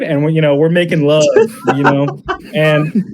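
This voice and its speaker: A man's voice: on the high side, normal speed, a little mellow, a little hiss or hum. Crude young man rambling a comic story. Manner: crude, rambling, loses his place. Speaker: podcast guest. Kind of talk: improvised comedic storytelling.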